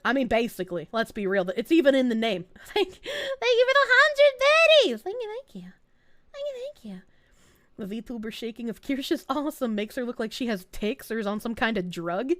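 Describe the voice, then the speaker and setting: A young woman with a Boston accent chats on a live stream in a high, bright voice. She is animated and quick to laugh, swearing freely as she answers chat. The sound is close and dry, with no room around it. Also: dry recording. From Boston, USA. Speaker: VTuber streamer.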